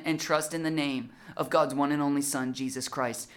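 A man preaching a sermon to his church, impassioned, stretching out key words, then shifting into lively storytelling with acted-out dialogue. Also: a little high, normal speed, few pauses. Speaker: pastor.

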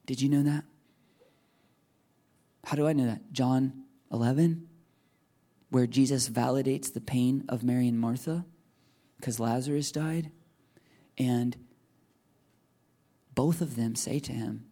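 A man with a gravelly, dark voice delivers a sermon. His tone is earnest and tender, and he often sinks to hushed near-whispers. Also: mid-range voice, steady tone, slow, pauses often. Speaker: pastor.

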